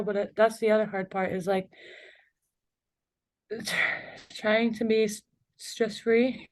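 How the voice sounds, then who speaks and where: A young woman, an interview guest, telling a personal story in halting speech full of "like" and "you know", with nervous laughs between emotional moments. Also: medium pitch.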